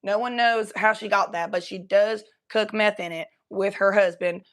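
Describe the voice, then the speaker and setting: Young woman doing a fake southern accent on stream, high, crude and rambly, coughs a bit. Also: steady tone, moderate pace. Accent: put-on Southern US drawl. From Cincinnati, Ohio. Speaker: livestreamer. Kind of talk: casual livestream chat.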